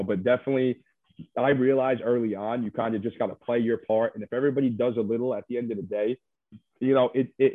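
A man with a fairly low voice talks through a thin, phone-like line that sounds dry and close. He rambles loosely in casual interview chat and leans on filler words as he tells his stories as a reality show guest. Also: no room sound.

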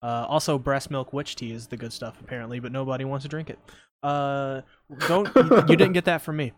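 A man's voice: mid-range voice, steady tone, brisk. A man co-hosting a podcast in casual chat, jokey and rambling, reading out chat comments. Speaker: podcast co-host.

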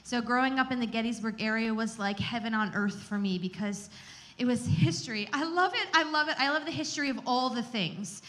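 A woman's voice: fairly high pitch, fairly quick, a bit bright. A woman giving a candid, self-deprecating teaching talk at a church gathering, telling personal stories.

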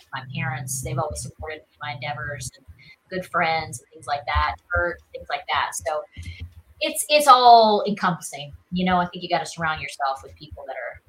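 A woman's voice: low voice, slight background noise, poor audio. A woman in her thirties from South Carolina with a Southern accent, chatting as an interview guest with many "you know"s and "like"s. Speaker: actress guest. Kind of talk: casual interview chat.

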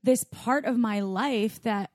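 A woman's voice: fairly high pitch, takes it slowly, darkish tone, no room sound, studio quality. A woman co-hosting a podcast, chatting in a playful, rambling way. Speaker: podcast co-host. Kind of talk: casual chat.

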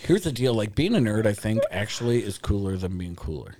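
A low-voiced man hosts a casual podcast chat, joking and laughing easily. He's recorded close on a studio mic in a dry, dead room. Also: big pitch swings, brisk, a little mellow, dry recording. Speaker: podcast host.

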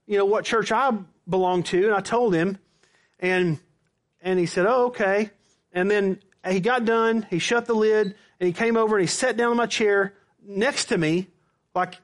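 A man's voice: high voice, a bit bright. A man preaching a sermon, telling a personal story with quoted back-and-forth dialogue. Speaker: pastor.

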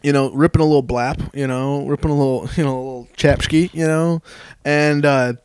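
Young male co-host, loose and profane, a bit high-voiced, close dry mic. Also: steady tone, a little fast, darkish tone, clean tone, dry recording. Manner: rambling storyteller, swears a lot, acts out voices. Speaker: podcast co-host. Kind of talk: casual chat.

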